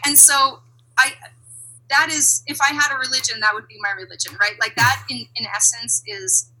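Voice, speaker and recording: A woman talking as an interview guest, reflective and animated, laughing now and then. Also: on the high side, slightly rough, low-quality recording. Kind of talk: conversational interview.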